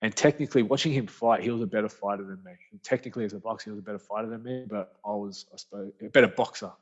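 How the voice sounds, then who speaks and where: This podcast guest, an Australian author and speaker, races through a story in a low voice. He's animated and rambling, heavy on slang, with lots of restarts. The sound is dull and lo-fi.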